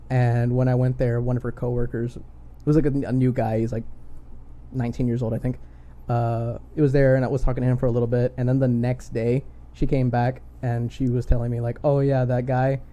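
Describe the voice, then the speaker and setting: A man's voice: mid-range voice, dark tone. A young man co-hosting a podcast, telling rambling stories with frequent laughs. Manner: laughs often, rambling storyteller. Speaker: podcast co-host. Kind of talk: casual chat.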